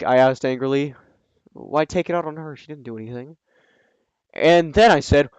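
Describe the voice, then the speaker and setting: A man reading a story aloud and breaking in with sarcastic, scoffing asides, often pausing with ums. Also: a little high, a little mellow, smooth, no room sound, highs cut off. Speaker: reader and commentator. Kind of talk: reading a fan story aloud with mocking commentary.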